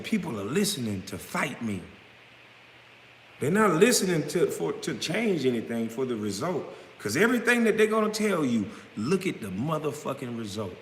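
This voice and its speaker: A man in his thirties ranting bluntly to camera, swinging from low mutters to loud outbursts. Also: a little hiss or hum. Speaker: vlogger. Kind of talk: profane rant to camera. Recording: echoey room with long reverb.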